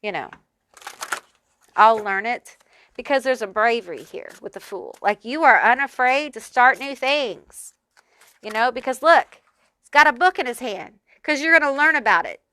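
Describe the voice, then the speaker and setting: Middle-aged woman, tarot vlogger, bubbly casual chat, bright crisp voice, dry close sound. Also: on the high side, big pitch swings, normal speed, no echo. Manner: chatty, bubbly, with lots of fillers like "like" and "you know". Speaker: tarot reader. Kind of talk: casual tarot reading to camera. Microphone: corded mic.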